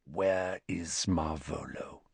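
A man playing a chilling teenage villain from a storybook, voice dropped low and nearly whispered, slow and clipped, every word controlled and fearless. Recorded close and dry. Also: vocal fry, slightly rough, no room sound, full character voice. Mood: cold. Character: cold, fearless teenage young man, quietly menacing.

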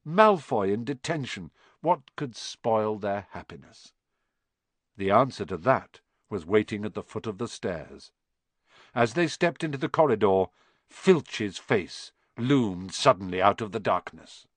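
A man's voice: lowish voice, lively intonation, unhurried, no room sound. A man reading a children's story aloud, telling it expressively and acting out the characters. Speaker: audiobook narrator. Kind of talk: scripted narration.

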